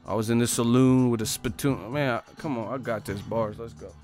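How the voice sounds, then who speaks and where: A man on a profane, animated comedic rant, laughing often as he talks. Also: mid-range voice, brisk, faint music behind.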